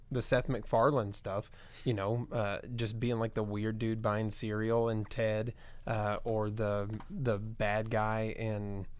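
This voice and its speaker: Brief: easygoing male co-host, mid-pitched, dry close recording, lots of fillers. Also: clear, resonant tone, dry recording. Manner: laid-back, filler-heavy, says "bro". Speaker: podcast co-host. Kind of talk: casual live-show chat.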